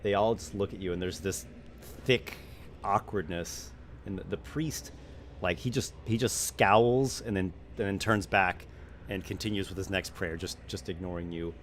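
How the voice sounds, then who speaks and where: A man with a lowish voice narrating a tabletop adventure as game master. He describes each scene haltingly, with plenty of ums and restarts, and there is a faint noise bed behind him.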